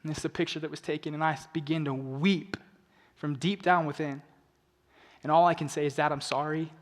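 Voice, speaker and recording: A young man with a slightly high voice tells a personal story to an audience. He drops to hushed, emotional lows and rises to urgent appeals. His voice rings with the long reverb of a large event hall. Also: fairly even intonation, brisk. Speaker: motivational speaker. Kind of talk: inspirational stage talk.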